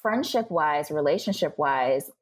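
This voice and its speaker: A young adult woman speaking as a podcast guest, telling her story candidly and acting out what other people said to her. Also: sits low. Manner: animated, acts out other people's remarks in quick bursts.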